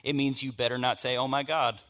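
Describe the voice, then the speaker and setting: Southern guy preaching, bright voice, chatty then goes quiet and low for the heavy bits. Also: flat delivery, a little fast. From American South. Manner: storytelling, conversational, shifts from hushed to emphatic. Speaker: pastor. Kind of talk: sermon.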